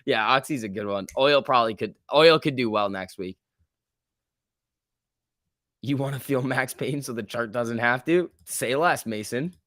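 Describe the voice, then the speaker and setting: A man's voice: mid-range voice, dry recording, clean studio sound. Man chattering live over stock charts. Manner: loose running commentary, reads chat aloud, quick excited outbursts. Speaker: livestream host. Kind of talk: casual live trading stream chatter.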